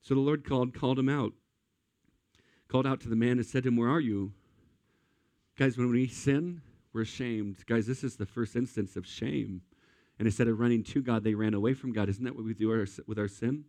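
A man preaches to his congregation in a lively, conversational way, talking right at the people in front of him. His voice sits at an ordinary middle pitch. The sound is close and dry, with no room echo. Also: a little fast. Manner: conversational, energetic preaching, addressing the congregation directly. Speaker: pastor. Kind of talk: sermon. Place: church service.

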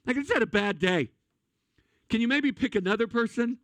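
A man's voice: very high voice, lively intonation, brisk, fairly bright tone, no echo, voice pushed up. A man voicing a weary man who pleads with God in a whiny tone, put on during a sermon. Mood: pleading.

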